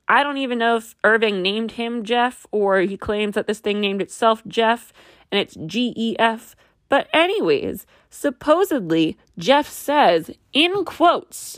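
A woman's voice: on the high side, animated, slow pace, fairly bright tone, dry recording, studio quality. A woman telling a strange true story in a casual way, with skeptical, wry asides.

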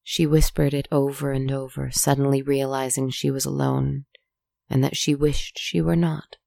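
Gravelly and a bit creaky, the voice of this calm storybook narrator stays fairly level, delivered softly and with measured care. Close, dry recording with no room sound.

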